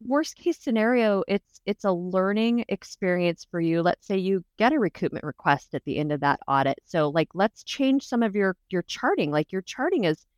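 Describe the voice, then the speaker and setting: A woman's voice: medium pitch, animated, normal speed, few pauses, no room sound. A woman guest on a podcast interview, explaining practical advice step by step in a reassuring way. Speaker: guest, dental association benefits adviser.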